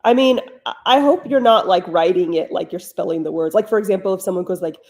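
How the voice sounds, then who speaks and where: Wry woman with a gravelly, mellow voice. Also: lowish voice, fast. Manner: blunt, wry and direct. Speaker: author hosting a writing stream. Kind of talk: casual live-stream chat answering questions.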